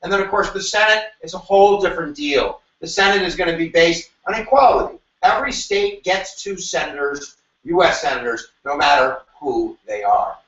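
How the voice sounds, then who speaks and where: A man teaching a review lecture to a class, animated and jokey, with sudden shouts and quick asides. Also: fairly high pitch. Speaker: history teacher. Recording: echoey room, mic at a distance, dull sound.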